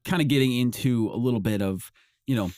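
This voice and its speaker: A man hosting a podcast in casual chat, relaxed and rambling with lots of fillers. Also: mid-range voice, a little fast, no echo, studio quality. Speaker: podcast host.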